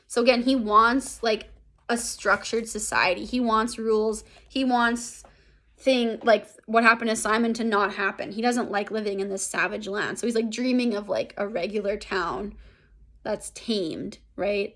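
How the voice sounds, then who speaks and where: A woman's voice: a little high, moderate pace. A young woman teaching an English class in a recorded lesson. She talks casually, uses a lot of fillers and keeps checking in with "right?".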